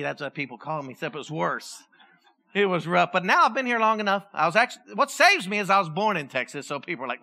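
Animated bright-voiced woman preaching. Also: fairly low pitch, quick pace. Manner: animated, joking, acts out voices. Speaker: pastor. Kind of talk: sermon. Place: church.

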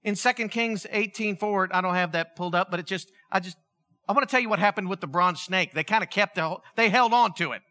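High-voiced, bright, lively male pastor. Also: brisk. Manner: animated, conversational preaching with acted-out dialogue. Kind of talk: sermon.

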